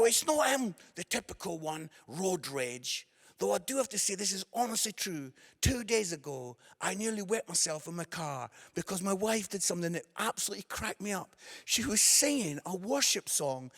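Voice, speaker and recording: A middle-aged man tells funny stories from the stage as a preacher. His voice sits high and carries a gravelly crackle. He swings between loud shouts and quiet asides. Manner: animated, shouting for effect, lots of tag questions. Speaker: comedian evangelist. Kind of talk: comic storytelling sermon.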